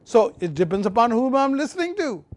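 Impassioned high-voiced male preacher. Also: very animated, no room sound. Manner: impassioned, swinging from loud emphatic to quiet low; repeats phrases, draws out key words slowly. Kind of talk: sermon.

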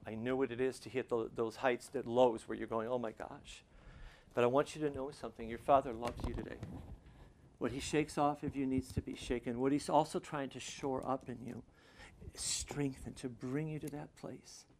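A man preaching to a congregation, shifting between quiet, intimate stretches and loud, fervent passages, closing in prayer. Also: medium pitch, steady tone, moderate pace, a little hiss or hum. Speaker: pastor. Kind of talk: sermon.

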